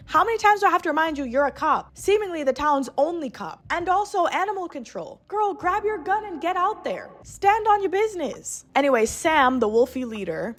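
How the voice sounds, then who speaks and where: Sassy, chatty young woman. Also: on the high side. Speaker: host. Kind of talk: casual video commentary.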